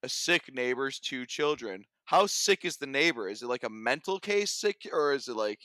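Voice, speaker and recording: A young man with a bright, forceful voice trades jokes and teasing in a casual podcast chat. His voice comes across dry and close, with no room around it. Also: mid-range voice, expressive, moderate pace, no echo, poor audio. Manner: joking, teasing banter. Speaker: podcast co-host.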